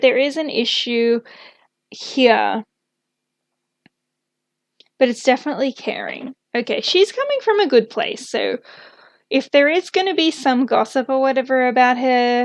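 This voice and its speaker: A young woman talks through a tarot spread in a loose, chatty way, filling pauses with "like" and soft laughs. Her voice sits a little high. The recording is dry and close, with no room sound. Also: no echo. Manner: chatty, thinking aloud, many fillers and little laughs. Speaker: tarot reader. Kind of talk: casual tarot reading.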